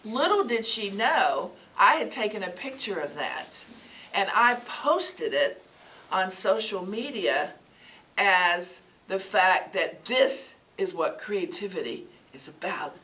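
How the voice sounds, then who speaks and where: A woman's voice: medium pitch, animated, slow, pushed and bright. A woman giving an earnest, sermon-style talk, telling stories and often repeating words as she goes. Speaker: spiritual speaker. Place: small shop gathering room. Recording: distant mic, faint room noise.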